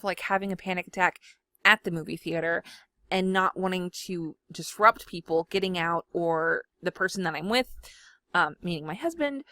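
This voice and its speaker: A woman chats through a software demo from home. She rambles in a friendly, self-deprecating way and laughs at herself often. Her voice sits at an ordinary pitch and sounds close and dry on the mic. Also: dry recording. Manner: chatty, self-deprecating, giggly. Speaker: scrapbooking video host. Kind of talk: casual chat while demonstrating software. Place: home room.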